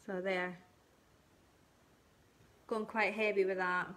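A woman teaching colouring and shading on a live stream, talking gently step by step and thanking viewers by name. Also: mid-range voice, level tone, slow. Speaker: craft tutor.

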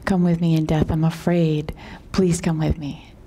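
A woman voicing a frightened dying man in a parable, who pleads slowly for company. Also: on the high side, little pitch movement, warm tone. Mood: pleading. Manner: pleading, slow. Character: frightened dying old king pleading with wives.

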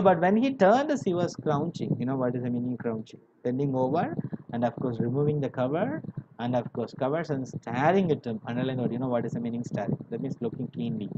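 A male English teacher with an Indian English accent walks a class through a story line by line. He stops to explain each new word and keeps asking whether they follow. The sound is dull and lo-fi, with steady noise underneath. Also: mid-range voice. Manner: repetitive, stops often to define words and check understanding. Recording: muffled lo-fi with clear background noise.

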